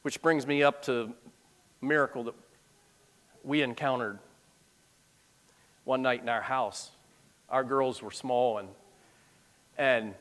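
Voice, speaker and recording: A man's voice: medium pitch, a bit bright. A middle-aged man preaching, reading scripture aloud and breaking into plain-spoken asides to explain it.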